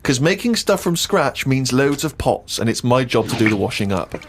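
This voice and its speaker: A man's voice: medium pitch, very animated, normal speed, slight background noise. A man hosting a podcast, teasing his guest and reading a diary aloud in a mock-serious way. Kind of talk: mocking podcast banter and reading.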